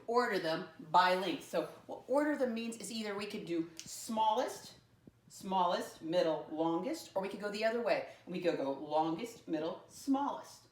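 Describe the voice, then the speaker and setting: A woman teaching young children a math lesson, talking slowly, spelling words out letter by letter, and making playful jumps in pitch. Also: far from the mic. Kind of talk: early-grade math lesson. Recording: roomy sound from off-mic.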